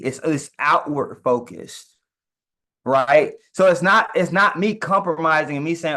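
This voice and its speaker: Guy chatting bout marriage, kinda high voice, laughs a lot, trips on words. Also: unhurried. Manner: animated, laughs often, repeats words. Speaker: co-host. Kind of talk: casual talk on marriage and business.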